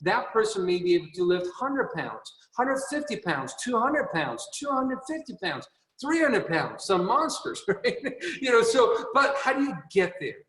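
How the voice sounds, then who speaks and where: A man gives a motivational talk to his team over a video call, earnest and repetitive and quick to laugh at his own jokes. His voice sits a little high for a man. It sounds roomy, with a long tail of reverb, as if he sits back from the mic. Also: big pitch swings, fairly bright tone, recorded from a distance. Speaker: company chairman. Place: training room.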